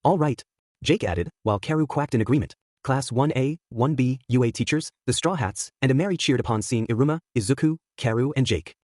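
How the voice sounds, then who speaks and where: A man narrates a fan fiction story in a steady, even reading voice. His voice sits at a middle pitch, and the recording is dry and close. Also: fairly quick, hardly any pauses, dry recording.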